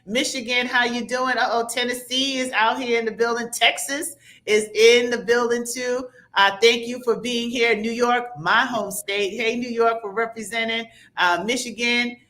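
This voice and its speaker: Upbeat woman host, bright tone, chatty shout-outs from viewer comments. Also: fairly high pitch, fairly even intonation. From American South. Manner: upbeat, chatty, reads viewer comments aloud with quick asides. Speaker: livestream host. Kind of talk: lively livestream shout-outs.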